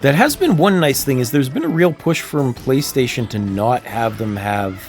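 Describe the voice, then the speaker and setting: Canadian male streamer, chatty and laughing, lively pitch, faint music behind. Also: moderate pace. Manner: chatty, laughs often, animated storytelling. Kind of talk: casual gameplay livestream chat.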